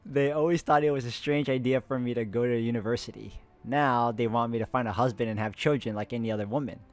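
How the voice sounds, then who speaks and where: A man's voice: medium pitch, fast talker. A man hosting a co-op puzzle game playthrough, casually reading in-game letters aloud and chatting with a friend between them. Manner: reads letters plainly, breaks off to chat and laugh. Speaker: host, playing a co-op puzzle game.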